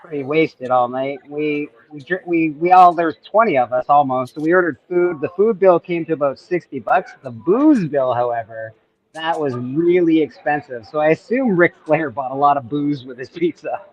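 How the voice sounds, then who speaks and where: A man chatting bluntly and casually on a podcast, slipping in "bro" like he's talking to a friend. His voice sits slightly high, and the recording sounds dull and lo-fi. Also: normal speed. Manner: blunt, says "bro" often. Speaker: podcast co-host. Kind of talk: casual chat.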